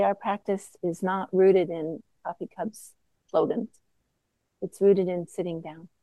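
A woman gives a dharma talk as a Zen teacher, her voice low-pitched and mellow. She speaks in a soft, reflective way, then breaks into sudden emphatic bursts, all recorded dry and close. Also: no echo, low-quality recording.

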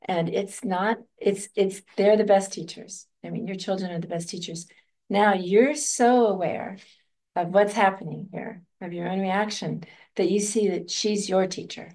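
An older woman, a meditation teacher, giving a gentle and reflective dharma talk as she answers a student's question, often laughing softly. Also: medium pitch, steady tone, a little slow.

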